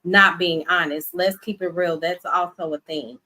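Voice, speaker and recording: Low-voiced woman asking probing questions. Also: fairly even intonation, moderate pace, heavy background noise. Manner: probing, affirming. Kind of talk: casual discussion.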